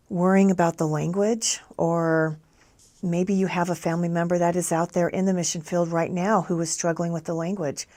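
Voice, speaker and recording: Woman, lowish voice, earnest and gentle personal testimony. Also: creaky. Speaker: returned missionary.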